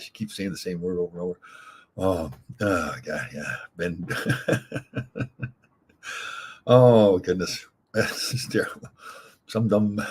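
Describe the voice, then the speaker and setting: Reading live chat comments out loud, this middle-aged host rambles casually and keeps breaking into giggles between lines. His voice is low and husky.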